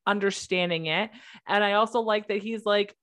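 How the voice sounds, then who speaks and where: A woman's voice: medium pitch, normal speed, a bit bright. A woman co-hosting a casual podcast chat, blunt and opinionated, swearing freely. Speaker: podcast co-host.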